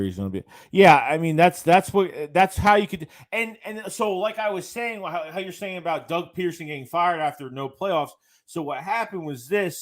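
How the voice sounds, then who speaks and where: A man hosting a late-night sports livestream, ranting about his team and reading viewer chats aloud in a casual way. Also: a little high. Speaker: livestream host.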